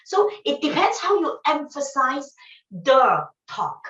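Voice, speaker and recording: A woman's voice: high voice, sing-song, takes it slowly, a bit bright. A woman teaching flower arranging in a casual demonstration, talking emphatically and repeating her phrases in non-standard English. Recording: echoey room, distant mic, dull sound.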